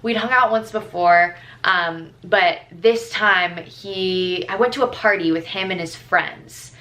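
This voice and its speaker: A teenage girl vlogging, telling stories casually with lots of fillers and lively retellings. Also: fairly low pitch, takes it slowly. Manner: chatty, filler-heavy, animated retellings. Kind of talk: casual storytelling.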